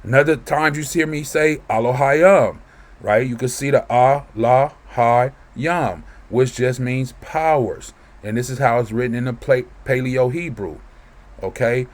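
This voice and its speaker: A man's voice: mid-range voice, a little slow. Man teaching scripture, conversational. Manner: conversational, keeps asking "right?". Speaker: preacher.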